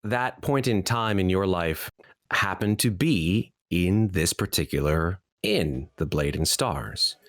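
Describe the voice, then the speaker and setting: A man narrating a tabletop game as dungeon master, telling the scene in an expressive, descriptive way. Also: low voice, slow pace, no room sound, studio quality.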